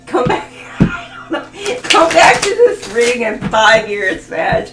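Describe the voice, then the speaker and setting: A woman's voice: a little high, big pitch swings, takes it slowly. A woman giving a live tarot reading, laughing often and swearing bluntly. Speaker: tarot reader. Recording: echoey room with faint music.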